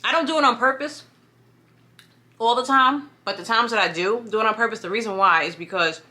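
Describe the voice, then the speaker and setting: A woman's voice: on the high side, a little fast, bright, forceful tone. A young woman from New York with a New York accent, chatting casually and animatedly to her camera, often dropping "you know what I'm saying". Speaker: vlogger.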